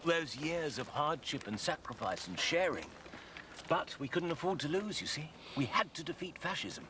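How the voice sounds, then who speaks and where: A man's voice: on the high side, big pitch swings, normal speed, distant mic, background noise. An actor playing a pompous, stiffly formal middle-aged man organising a street party. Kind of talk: soap opera acting.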